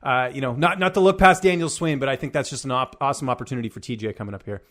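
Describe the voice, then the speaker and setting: A man interviewing a fighter casually, asking quick questions full of fillers. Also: medium pitch, a bit bright.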